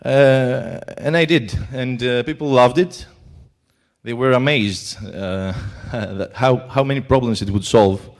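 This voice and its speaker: A man's voice: medium pitch, takes it slowly. A man with a Greek accent giving a talk at a conference, hesitant and full of filler sounds. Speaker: conference speaker. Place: conference hall.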